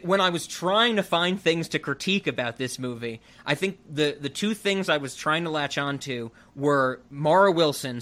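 A man with a somewhat raised pitch chats casually about a film he loves. He rambles with many restarts and bursts of excitement. It sounds like an easygoing podcast conversation. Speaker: podcast co-host. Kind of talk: casual movie review chat.

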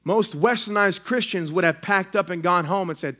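Excitable pastor preaching. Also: male voice, high-pitched, normal speed. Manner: excitable, conversational preaching with frequent restarts. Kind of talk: sermon. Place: church sanctuary.

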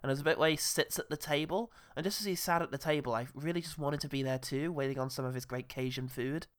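A man's voice: on the high side, fast talker, smooth. A man co-hosting a casual film podcast, swearing freely and laughing often. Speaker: podcast co-host reviewing a film. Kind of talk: casual chat.

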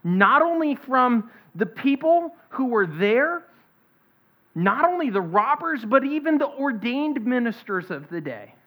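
A woman preaching an expository sermon, reading scripture aloud and stressing its points in a deliberate way. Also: fairly high pitch, very animated. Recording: dull lo-fi recording.

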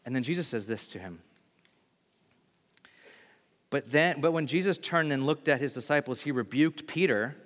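A man's voice: mid-range voice, moderate pace, pauses often. Casual, slangy male preacher in a hall. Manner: casual, animated, slangy, fillers like 'like'. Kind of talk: sermon. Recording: long hall reverb.

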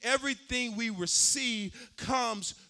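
High, bright sing-song preacher man. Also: slow pace, smooth. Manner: sing-song preaching cadence, swelling louder on key points. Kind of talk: sermon.

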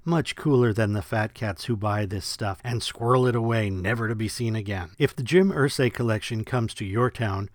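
A man's voice: on the low side, moderate pace, hardly any pauses, no echo, studio quality. A man hosting a podcast and reading scripted commentary in a wry, sarcastic manner. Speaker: podcast host.

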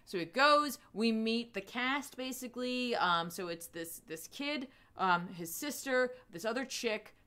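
A podcast co-host reviewing comics rambles casually through a comic's plot, packing her speech with "like" and "um." Her voice is on the high side and sharp-toned, with lively intonation; she talks a little slowly and rarely pauses.

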